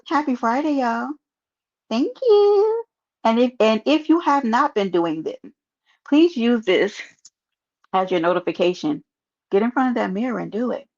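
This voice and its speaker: Gravelly, joking New woman streamer. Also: fairly high pitch. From New York. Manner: playful, joking, talks straight to her chat. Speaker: livestreamer. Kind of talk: casual live stream chat. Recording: muffled lo-fi stream audio.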